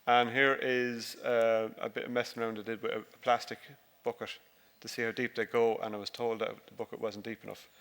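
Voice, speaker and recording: His voice is mid-range, fairly bright and fairly quick, with little pitch movement and some vocal fry. This dairy farmer gives a loose, joking, self-deprecating slide presentation about his farm, reverberating through a big conference hall.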